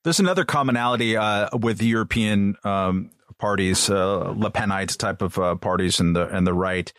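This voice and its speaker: Male co-host, deep-ish and dry, measured questions with fillers. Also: fairly bright tone, dry recording. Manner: thoughtful, halting with many fillers. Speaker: podcast co-host. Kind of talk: casual podcast discussion.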